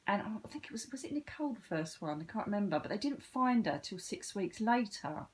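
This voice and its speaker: A woman, a psychic medium chatting to camera in a casual, animated storytelling way. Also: medium pitch, brisk. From Britain. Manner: chatty and animated, with sudden lively lifts of voice.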